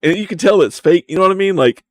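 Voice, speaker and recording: A man's voice: high voice, lively intonation, fast talker, no echo. A man from the American South, mocking a video in casual, profane live commentary, laughing often. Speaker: streamer reacting to a video.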